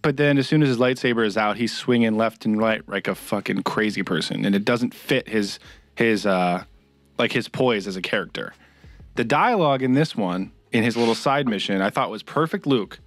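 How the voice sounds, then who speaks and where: Low-voiced man ranting on a podcast. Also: moderate pace, dry recording. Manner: ranting, profane, frustrated. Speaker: podcast co-host. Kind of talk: casual podcast chat.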